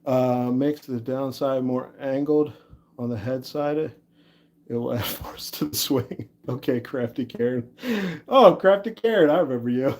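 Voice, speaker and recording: A man's voice: medium pitch, little pitch movement, unhurried, mellow. A man in his thirties, casually chatting and laughing with viewers while he works on an axe handle during a livestream. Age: 30s. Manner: chatty, laughs easily, reads and answers chat. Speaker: woodworker livestream host.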